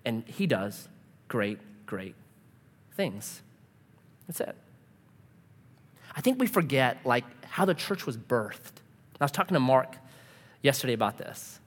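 A man's voice: a little high, sing-song, measured pace, long pauses, fairly bright tone. A man preaching a sermon, telling a personal story and acting out the dialogue with laughs. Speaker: pastor. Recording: long hall reverb.

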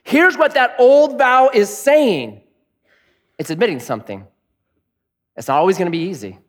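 A middle-aged man preaching a sermon as pastor, animated and joking, mimicking people in a high voice now and then. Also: normal speed.

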